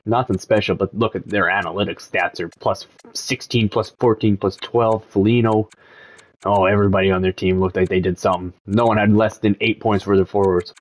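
A man's voice: lowish voice, brisk. A young man, casually commenting over a sports video game as he plays and thinks aloud. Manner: relaxed, thinking aloud, excited by close results. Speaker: gaming channel host.

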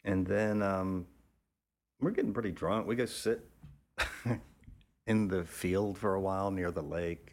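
A photographer guest on an interview shares a casual anecdote in a low, husky, darkish voice. His storytelling rambles with frequent restarts and casual swearing, and he voices other people's lines at a higher pitch.

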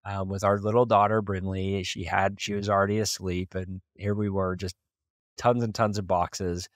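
A man's voice: sits low, flat delivery, moderate pace, dry recording, studio quality. A man from small-town Idaho, hosting a podcast and earnestly retelling a personal story with occasional chuckles. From small-town Idaho, USA. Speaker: podcast host.

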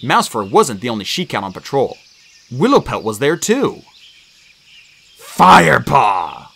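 A man reading a children's fantasy novel aloud in an expressive, animated way. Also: medium pitch, a little fast, breathy edge. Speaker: audiobook narrator. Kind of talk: storybook reading.

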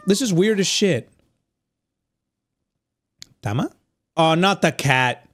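A man playing a horror game and reacting out loud, swearing often and dropping in Spanish slang as he thinks out loud. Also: fairly high pitch, expressive, slow. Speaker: gaming YouTuber.

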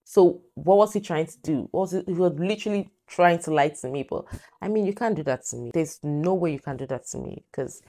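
A woman with a low voice delivers clip commentary, ranting emphatically and opinionatedly. Her tone is dark and mellow rather than bright, and she presses her points with repeated questions. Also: fairly quick. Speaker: host. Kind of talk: commentary on clips.

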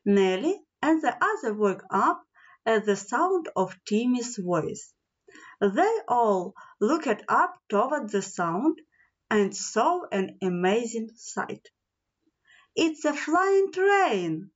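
Brief: woman storyteller for a children's fairy tale, slow and sing-song, higher voice; dull lo-fi recording. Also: big pitch swings. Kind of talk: storybook read-aloud.

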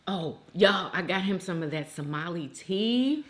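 A woman's voice: lowish voice, a little slow. A woman hosting an eating show, chatting casually and effusively and talking straight to her viewers. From United States. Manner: animated and effusive, talks straight to viewers as "y'all".

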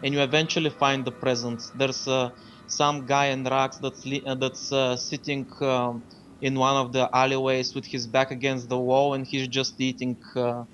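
A man's voice: mid-range voice, flat delivery, moderate pace, fairly bright tone, faint music behind. A man running a tabletop game as game master, narrating with frequent hesitations and fillers. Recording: dull lo-fi sound.

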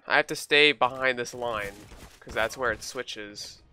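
A man's voice: mid-range voice, a little slow, pushed and bright. A man hosting a gaming video, joking and trash-talking in casual commentary while he plays. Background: game gunfire and keyboard clicks.

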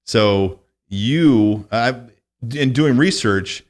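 A man's voice: medium pitch, drawn-out words. A man hosting a podcast interview, asking curious, probing questions. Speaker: podcast host.

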